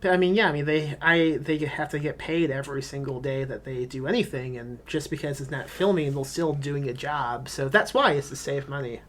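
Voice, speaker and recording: A man's voice: on the high side, a little fast, few pauses, a bit bright. A man being interviewed as a screenwriter guest on a podcast, talking casually in long rambling answers full of filler words and offhand swearing.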